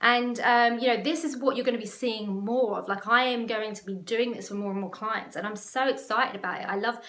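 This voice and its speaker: A woman's voice: a little high, fairly even intonation, fairly quick, a bit bright, echoey room. Emotional, rambling woman business coach. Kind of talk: casual talk to camera.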